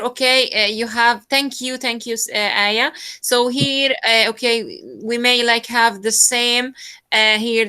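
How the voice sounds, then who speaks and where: A woman's voice: fairly high pitch, bright, forceful tone. Hesitant woman teacher in class. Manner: hesitant, many fillers while explaining. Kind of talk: classroom lesson.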